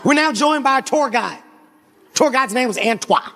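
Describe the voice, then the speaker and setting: A male comedian telling a long story on stage in an animated, profane, often shouting manner. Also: very high voice, normal speed, gravelly, long reverb tail. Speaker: stand-up comedian. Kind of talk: stand-up storytelling. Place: comedy stage before an audience.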